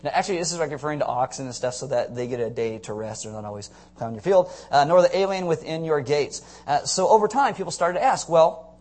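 A man preaching a sermon, animated and joking, acting out characters in comic voices. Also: on the high side, quick pace, few pauses. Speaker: pastor.

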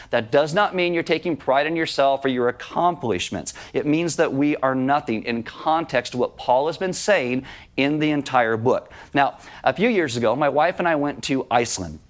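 A man's voice: medium pitch, lively intonation, normal speed. A man preaching a sermon in a conversational way, with self-deprecating humor. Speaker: pastor.

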